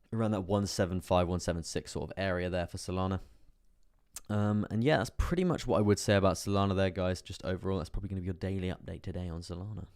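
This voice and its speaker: A man's voice: deep voice, quick pace, darkish tone, no echo, studio quality. A man hosting a live trading stream, chatting casually with many fillers as he reads out chart analysis. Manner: chatty, filler-heavy, laughs often while reading chat.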